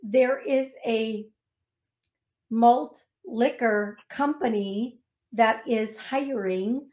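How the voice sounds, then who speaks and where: A woman psychic medium giving a call-in reading on a radio show, speaking gently and calling the caller love. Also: fairly high pitch, drawn-out words. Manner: soft-spoken, affectionate, calls caller love. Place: radio studio.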